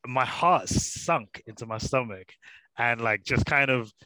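A man from England with a British accent, a guest actor telling an anecdote in a lively way with lots of filler phrases. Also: medium pitch, a little slow, no echo. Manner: lively storyteller, many "you know" fillers.

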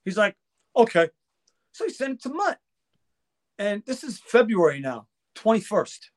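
A man's voice: high voice, big pitch swings, a little slow. An older man telling a story in casual chat, acting out quoted voices and swearing freely. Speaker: guest musician.

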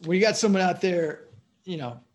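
Comedian guy on a podcast, kinda high voice, rambly, lots of "you know what i mean". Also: fairly quick. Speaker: guest comedian. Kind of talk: casual interview chat.

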